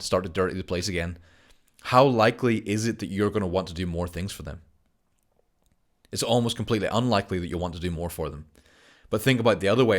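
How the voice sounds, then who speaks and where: A man with a fairly low voice talks through a self-help lesson. His delivery is earnest and unhurried. He breaks into short acted-out exchanges to illustrate his points. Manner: earnest, acts out little dialogues in others' voices. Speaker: self-help course teacher. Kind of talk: motivational talk to camera.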